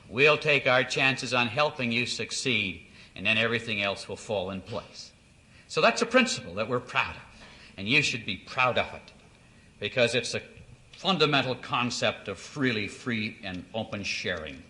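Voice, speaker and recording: Male founder figure, folksy storyteller, swooping animated delivery, addressing distributors. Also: medium pitch. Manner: folksy storyteller, acts out quoted dialogue. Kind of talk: motivational business speech.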